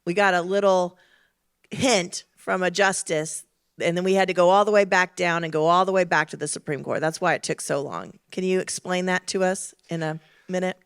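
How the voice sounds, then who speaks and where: A woman's voice: fairly low pitch, moderate pace, smooth. A woman moderating an on-stage conversation, asking questions and prompting the guests. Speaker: panel moderator. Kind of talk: on-stage interview.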